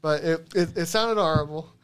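A man with a high, smooth and clear voice rambles through a casual podcast chat. He swears often and laughs as he goes. The delivery is loose and conversational. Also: moderate pace. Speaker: podcast co-host.

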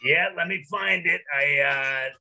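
A man co-hosting a casual podcast, joking around and bursting into loud, hammy announcer calls. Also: fairly high pitch, a little slow, muffled recording, a little hiss or hum. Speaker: podcast co-host.

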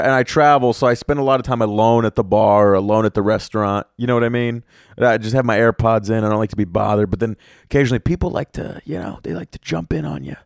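Young comedian guy cursing through a solo podcast rant, dry close sound, mid-pitched. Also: dry recording. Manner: profane, animated storytelling with mocking voices.

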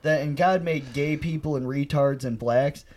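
A woman co-hosting a podcast in casual chat, rowdy and profane and quick to laugh. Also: deep voice, a little mellow, slight background noise. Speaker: podcast co-host.

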